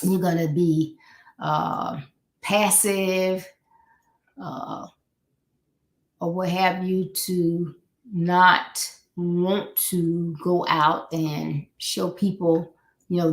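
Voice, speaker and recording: Low-voiced woman coaching in an echoey room. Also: level tone, extremely slow, long pauses. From Florida. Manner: conversational, repeats key points, acts out quoted people. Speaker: life coach. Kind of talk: motivational live talk.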